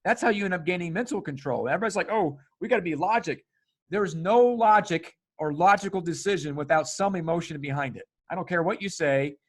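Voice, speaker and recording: A male podcast host talking in a casual, excitable way, swearing often and laughing. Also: high voice, fast talker.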